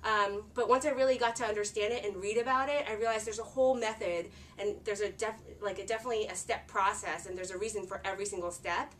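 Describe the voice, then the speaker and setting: A chatty woman in her thirties shares parenting advice in an earnest, easygoing way. Her voice sits at a middle pitch and comes from a little way off the mic. A faint hum of background noise runs underneath. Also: steady tone, fast, few pauses, a bit bright, recorded from a distance. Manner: chatty and earnest, with filler words. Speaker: parenting vlogger. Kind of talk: casual talk to camera.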